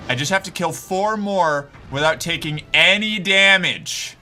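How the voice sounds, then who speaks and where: Animated, jittery male game streamer. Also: a little high, moderate pace, few pauses, faint music behind. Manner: anxious, swears, talks himself calm with repeated phrases. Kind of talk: gameplay commentary.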